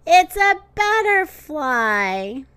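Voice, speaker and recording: A woman voicing an excited young male rabbit in a children's storybook. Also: high-pitched, slow pace, dry recording, heavily acted.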